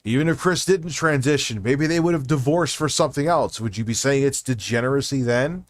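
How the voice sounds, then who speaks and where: A middle-aged man streaming from home, loud and animated in casual commentary, swearing freely. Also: mid-range voice, a little fast, no echo, studio quality. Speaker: streamer reacting to videos.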